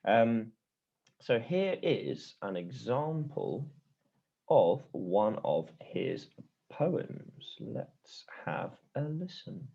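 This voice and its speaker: A man's voice: mid-range voice, extremely slow, gravelly, husky. A male teacher presenting a class assembly in a chatty way, with plenty of ums. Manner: chatty, with many ums and lively ups and downs. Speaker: primary school teacher. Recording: muffled lo-fi recording.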